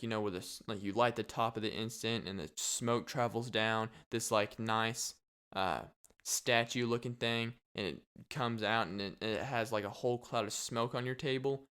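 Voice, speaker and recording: A man's voice: mid-range voice, moderate pace, a bit bright, clean tone. A young man hosting a casual solo podcast, rambling and joking with frequent laughs. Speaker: podcast host.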